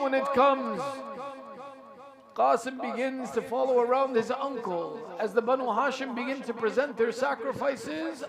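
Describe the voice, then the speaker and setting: A male preacher telling a mournful story in a sermon, slow and dramatic, with pauses. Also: very high-pitched.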